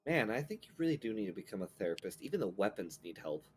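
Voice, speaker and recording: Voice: deep voice, big pitch swings, quick pace, faint music behind. A game master narrating a tabletop game and teasing the players in a playful way.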